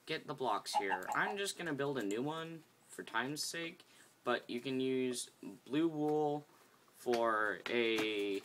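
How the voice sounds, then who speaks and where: Woman, very deep yet bright-toned, chatty game tutorial host who wanders off topic. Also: a little hiss or hum. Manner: rambling, easily sidetracked, chatty. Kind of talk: casual gameplay tutorial.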